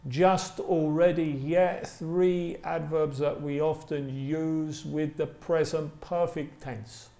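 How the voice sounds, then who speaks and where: A man teaching an English grammar lesson, repeating example sentences slowly and stretching them out for emphasis. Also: fairly high pitch, steady tone, warm tone, roomy sound. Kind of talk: slow, deliberate grammar lesson with spoken examples.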